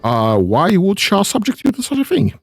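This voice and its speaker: Casting: a male game streamer, casual, hesitant, with a very lively pitch. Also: moderate pace, faint music behind. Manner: thinking aloud, hesitant, full of ums. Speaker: gaming streamer. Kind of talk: casual let's-play commentary.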